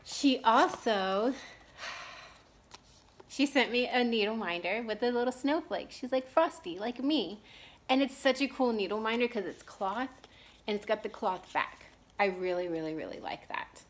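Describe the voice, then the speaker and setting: A woman in her thirties from Texas, rambling in a casual chat with lots of fillers and restarts, clearing her throat now and then from allergies. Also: a little high, normal speed. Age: 30s. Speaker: cross-stitch vlogger.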